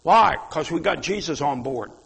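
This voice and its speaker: Male pastor, husky, emphatic sermon delivery, long church-hall reverb. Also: a little high, lively intonation, moderate pace. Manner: fiery, emphatic preaching with sudden loud outbursts.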